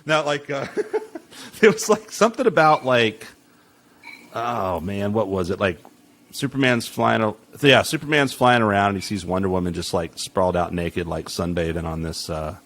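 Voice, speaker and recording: Male podcast host, low-ish voice, swings widely in pitch, rambling crude banter, laughs a lot. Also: lively intonation, normal speed, fairly bright tone. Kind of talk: casual chat.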